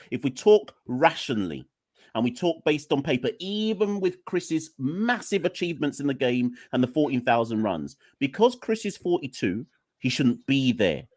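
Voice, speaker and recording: A male podcast host in full rant mode. He hammers his points home, sounds exasperated with his audience, and speaks to them directly as if pleading with them. His voice sits at an ordinary middle pitch for a man. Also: dry recording, studio quality. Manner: emphatic, exasperated, addresses listeners directly. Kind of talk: opinionated cricket podcast rant.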